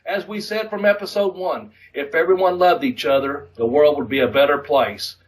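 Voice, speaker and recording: Man, podcast host, higher-pitched, profane animated rant, slightly off-mic. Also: normal speed, recorded from a distance, low-quality recording.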